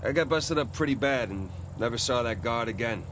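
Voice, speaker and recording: An actor playing a middle-aged ex-convict who rambles and jokes, in video game cutscene dialogue. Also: male voice, medium pitch, expressive, fairly quick, background noise, lightly acted. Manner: rambling, jokey storyteller. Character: male ex-convict, chatty and joking.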